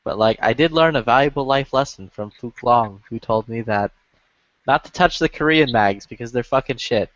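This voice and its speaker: A man's voice: mid-range voice, normal speed, fairly bright tone, dry recording. Guy with an everyday voice shooting the breeze, swears a lot, dull dry mic. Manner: laid-back, profane banter. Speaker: podcast co-host. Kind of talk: casual chat.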